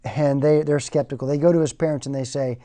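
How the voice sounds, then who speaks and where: Mellow-voiced male preacher. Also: medium pitch, steady tone, fast talker. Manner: conversational, repeats words as he goes. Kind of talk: sermon.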